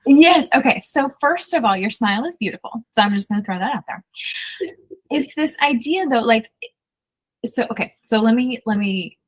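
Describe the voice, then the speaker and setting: A woman's voice: a little high, animated, normal speed, low-quality recording. A woman hosting a podcast as a business coach, chatting casually in an enthusiastic, encouraging way, full of "like" and "so". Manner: enthusiastic, encouraging, many fillers like "like".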